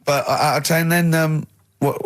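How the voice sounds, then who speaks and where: A man's voice: fairly high pitch, fairly even intonation, measured pace. A man hosting a radio show in casual chat, teasing his guest and prodding him with questions. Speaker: radio host. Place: radio studio. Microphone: studio microphone.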